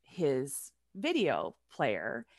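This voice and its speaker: A woman on a podcast telling a story in a casual, animated way, with her voice swinging from loud to hushed. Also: extremely low pitch, very slow, husky, no room sound, clean studio sound.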